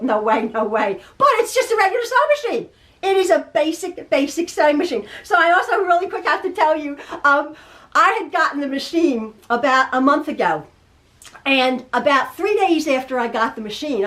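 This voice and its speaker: A middle-aged woman with a high voice tells a story to camera in a casual, chatty way. She laughs often and wanders off into asides as she goes. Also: a bit bright. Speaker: quilting video host.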